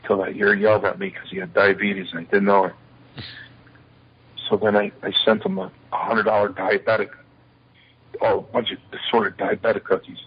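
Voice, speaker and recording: A man's voice: lowish voice, normal speed, long pauses, slightly rough, highs cut off. A man, a retired pro wrestler, telling stories in an interview and acting out the dialogue of the people in them. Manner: lively anecdotes, acting out quoted dialogue. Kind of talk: shoot interview storytelling.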